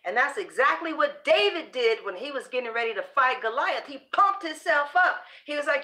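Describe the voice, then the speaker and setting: A woman's voice: sits high, expressive, moderate pace, few pauses, bright, forceful tone. A woman hosting a casual motivational monologue on self-esteem, sassy and preachy, swearing freely and acting out pep talks to herself. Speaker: tarot channel host giving self-esteem talk.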